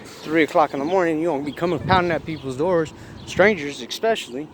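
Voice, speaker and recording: A man's voice: a little high, fairly quick. A man from Long Beach telling a profane, agitated story in casual vlog talk. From Long Beach, California. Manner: profane, agitated retelling with acted-out quotes. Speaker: vlogger. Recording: noisy outdoor recording.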